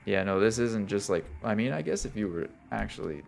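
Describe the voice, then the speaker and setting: A man's voice: lowish voice, lively intonation, brisk, vocal fry. A man streaming a horror game, talking to his chat as he plays, reacting with swearing and laughter. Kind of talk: casual gaming commentary.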